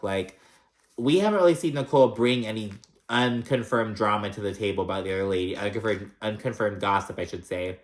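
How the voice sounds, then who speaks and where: A man's voice: on the low side, fairly quick. Sassy, profane man gossiping. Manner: chatty, profane, sassy, lots of fillers. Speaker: recap vlogger. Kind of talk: casual gossipy recap.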